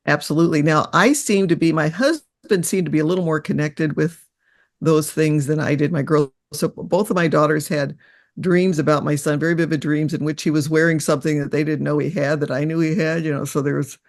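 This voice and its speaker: An older woman, a guest in an interview, telling personal stories in an earnest, reflective, halting way. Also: deep voice, fairly even intonation.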